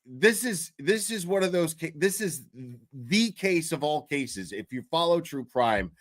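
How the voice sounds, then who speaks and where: A man's voice: a little high, lively intonation, a little slow, no echo. A man hosting a livestream and telling a story in a loose, rambling, profane way, with restarts and bursts of laughter. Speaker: livestream host. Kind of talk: casual livestream commentary.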